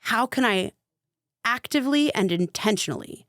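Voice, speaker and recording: A woman's voice: a little high, expressive, moderate pace, a bit bright, no echo, studio quality. A young adult woman, a spiritual coach guesting on a podcast, telling a personal story in a casual, chatty way full of fillers. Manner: chatty, fillers of "like", vivid retelling.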